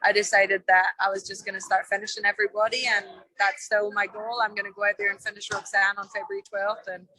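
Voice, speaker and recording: A young woman speaks in a mixed Scottish and Australian accent, her tone bright and a little sharp. She answers interview questions in a blunt, confident way and swears freely. This is a casual conversation, not a scripted one. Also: mid-range voice, flat delivery, quick pace, hardly any pauses, no room sound, low-quality recording. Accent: Scottish with Australian mix. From Scotland, raised in Australia. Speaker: UFC fighter guest. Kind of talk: casual interview over a call.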